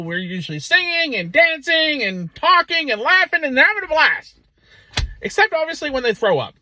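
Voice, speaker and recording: A man, a rideshare driver, telling a story in a casual vlog, expressive and exasperated, acting out the dialogue himself. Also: extremely high pitch, no room sound, low-quality recording. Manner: expressive, exasperated, acts out dialogue in his own voice.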